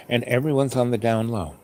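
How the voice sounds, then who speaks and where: A man's voice: medium pitch, darkish tone, slight background noise. A man hosting his own show, talking in a loose, meandering monologue and often asking himself questions. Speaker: host. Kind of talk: rambling casual monologue.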